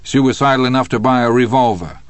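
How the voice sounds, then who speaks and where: A man's voice: medium pitch, a little fast, no echo, pitched above the performer's own voice, close to an everyday voice. A man voicing a sarcastic, hectoring male prosecutor who fires pressing questions in court.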